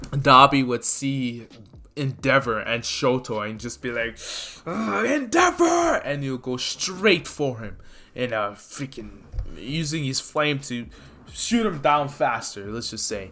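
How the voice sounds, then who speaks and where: A man casually retelling a fan story, rambling excitedly and tripping over names. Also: mid-range voice, takes it slowly.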